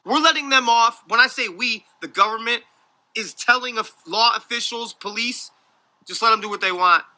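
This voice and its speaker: Man, forties, from the United States, profane ranting storyteller, very bright voice. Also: extremely high pitch, normal speed. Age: 40s. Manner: profane, combative, mocking.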